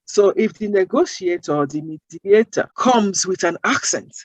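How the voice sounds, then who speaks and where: Answering an interviewer, this accent-bias advocate speaks with a medium-pitched, expressive voice at a moderate pace. She's earnest and emphatic, using rhetorical questions to build her case, and the close, dry audio is rough with no room sound.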